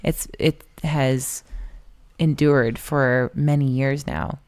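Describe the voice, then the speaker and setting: A woman co-hosting a podcast, chatting casually and telling stories in an animated way. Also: a bass voice, slow pace, no room sound. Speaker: podcast co-host. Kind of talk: casual chat.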